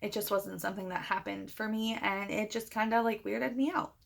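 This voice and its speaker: A woman's voice: medium pitch, fairly even intonation, brisk, gravelly. A young woman vlogger telling a personal story in a chatty, casual way, retelling conversations with lots of "I'm like" quotes.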